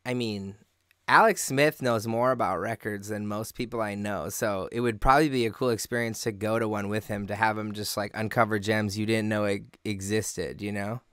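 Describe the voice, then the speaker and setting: A man's voice: on the low side, fairly even intonation, moderate pace, a bit bright, clean tone, no echo, studio quality. A man co-hosting a podcast in a casual, slangy, laid-back chat, talking as a father.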